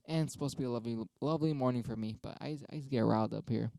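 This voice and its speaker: A man on a live stream at home, worked up and swearing as he rants in circles. His voice sits at an ordinary pitch and sounds dry and close. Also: rapid-fire, creaky, few pauses, warm tone, no echo. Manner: angry, profane, repetitive. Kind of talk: heated casual rant.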